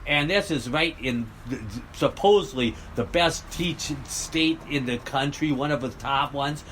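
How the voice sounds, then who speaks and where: A man's voice: a little high, unhurried, a bit bright, slight background noise, low-quality recording. A man ranting bluntly and sarcastically about politics, rambling on in a heated vlog. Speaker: political vlogger. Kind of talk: rambling rant.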